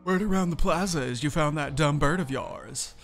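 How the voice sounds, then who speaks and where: A man's voice: on the high side, moderate pace, gravelly, a bit bright, faint music behind. A man voicing a brash, boastful teenage bully in a let's-play, reading the game's dialogue in a cocky, taunting way. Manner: cocky, taunting reading of on-screen game text.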